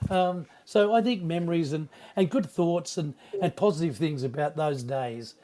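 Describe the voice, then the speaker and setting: Older Aussie man, veteran radio voice, warm and unhurried, rambling recollections. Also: a little high. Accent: Australian. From Australia. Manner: rambling, halting, many restarts. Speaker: veteran radio broadcaster, guest. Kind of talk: casual reminiscing interview.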